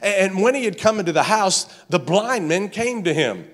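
A man preaching a sermon, passionate and repetitive, building to shouts. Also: sits high, expressive, moderate pace. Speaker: pastor.

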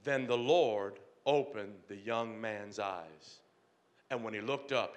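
A man pastor preaching a sermon with call-and-response, swinging from shouted lines to hushed ones. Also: lowish voice.

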